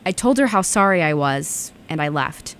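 A woman's voice: low-pitched, moderate pace, smooth. A young woman hosting a late-night radio show, chatting casually with "um" fillers and reading a story aloud. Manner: relaxed, chatty, with frequent "um" fillers.

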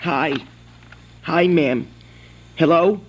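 A man's voice: a little high, very slow. A man on a phone call who rambles, insists, and breaks into animal noises as a prank caller.

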